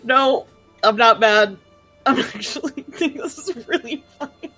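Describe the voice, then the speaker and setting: A woman's voice: a little high, steady tone, slow pace, pushed and bright, faint music behind. A woman voicing a giggly, affectionate nonbinary adventurer who laughs through the lines. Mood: giggling.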